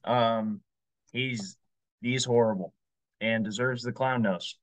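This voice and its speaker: A man with an average-pitched voice chats on a casual sports podcast. He speaks bluntly, with a wry edge. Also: steady tone, slow.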